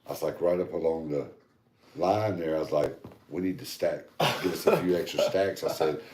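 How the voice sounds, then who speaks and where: A man with a very deep, low voice tells a long, rambling story in easy, casual talk, animated and salty. The sound carries an echo, as if he were in a bare room. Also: moderate pace, slight background noise. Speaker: podcast co-host. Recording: echoey room.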